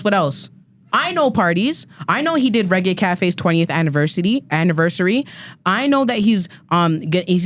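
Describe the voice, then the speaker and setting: A woman in her thirties launches into a fired-up rant on a podcast panel, swearing freely and stumbling over repeated words as she presses her point. Her voice sits at a middling pitch. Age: 30s. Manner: ranting, emphatic, profane, repeats words when fired up. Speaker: guest panelist. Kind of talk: heated monologue on a panel podcast.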